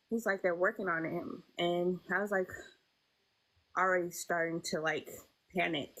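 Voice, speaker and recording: A young woman telling a painful personal story as an interview guest, halting and emotional, with many fillers. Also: fairly low pitch, a bit bright, poor audio.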